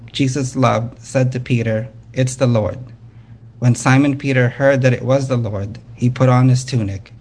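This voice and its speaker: A man reading a Bible passage aloud at a steady, measured pace, with an occasional slip. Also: medium pitch. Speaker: scripture reader.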